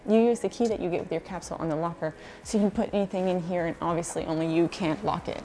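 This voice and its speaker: A woman's voice: lowish voice, fairly even intonation, fast, heavy background noise. Chatty woman giving a casual vlog tour. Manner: chatty and informal, with frequent fillers. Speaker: travel vlogger. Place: capsule hotel, indoors.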